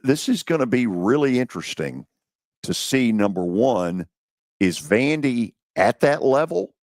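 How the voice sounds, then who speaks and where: A man hosting a sports talk show, chatting casually about football in a relaxed, unhurried way with drawn-out pauses. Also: mid-range voice, no echo, studio quality. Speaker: radio show host.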